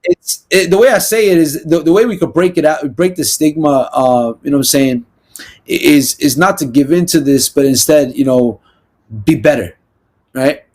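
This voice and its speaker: Podcast guest: young New man, slightly raised pitch, rambling and animated, peppers talk with asides. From New Jersey, US. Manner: animated, talks in quick bursts with many "you know" and "right?" asides. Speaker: podcast guest, real estate agent. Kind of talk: casual interview storytelling.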